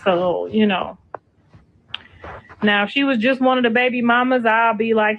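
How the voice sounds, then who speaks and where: Brief: middle-aged woman, gossip stream host, sassy and cursing, higher pitch, muffled lo-fi audio. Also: moderate pace. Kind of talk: casual gossip livestream.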